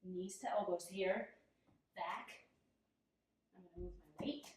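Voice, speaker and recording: Her voice is on the low side, fairly even, a little slow and a bit mellow as this young woman teaches yoga while moving through the poses on a mat. Chatty and giggling at herself, she grows breathless, and the far-off camera mic leaves her sounding distant in a very echoey room.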